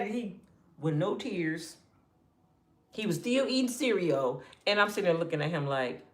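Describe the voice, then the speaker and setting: A woman telling a personal story in casual slang, often addressing listeners as y'all and acting out what people said, dropping to a hush or rising with feeling. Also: lowish voice, moderate pace. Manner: animated, acts out quotes with hushed and raised voices. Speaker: storyteller speaking to her audience.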